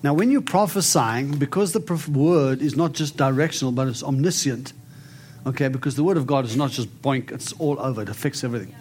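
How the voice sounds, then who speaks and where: A man preaching and praying over people in an animated, storytelling way. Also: medium pitch, fairly quick. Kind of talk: prophetic ministry preaching and prayer.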